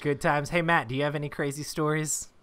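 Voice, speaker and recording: Bright, clear-voiced man joking along. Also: a little high, flat delivery, brisk. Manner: joking interjections. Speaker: podcast co-host. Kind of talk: casual chat.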